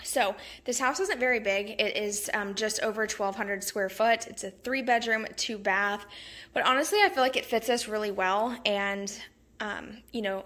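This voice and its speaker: A woman's voice: mid-range voice, fairly bright tone. A woman, chatting casually with lots of fillers as she walks a camera through her small house. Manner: chatty, friendly, many "um" fillers. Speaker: home vlogger giving a house tour. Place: inside a small house, walking room to room.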